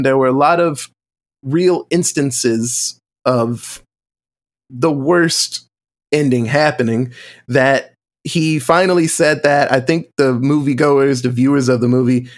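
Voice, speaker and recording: A man in casual movie-podcast chat, telling stories with lively quoted voices. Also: medium pitch. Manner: animated storytelling, acting out quotes in shifting voices. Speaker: podcast co-host or guest.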